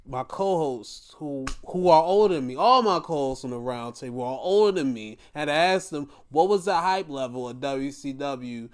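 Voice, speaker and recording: A man's voice: on the high side, animated, normal speed, hardly any pauses, clear, resonant tone. A young man hosting a podcast, giving a profane, exasperated rant in casual commentary. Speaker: podcast host.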